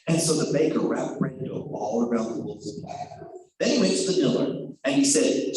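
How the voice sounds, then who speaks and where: Animated male storyteller, far and echoey. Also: medium pitch, normal speed. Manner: theatrical, animated narration. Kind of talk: storytelling performance for children. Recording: echoey room, far mic, noisy.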